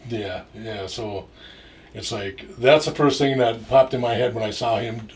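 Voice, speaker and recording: A man's voice: lowish voice, unhurried, darkish tone. A middle-aged man from Minnesota telling a long, rambling story with many fillers and restarts and some swearing. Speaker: storyteller guest. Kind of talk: casual anecdote. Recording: distant mic with faint noise.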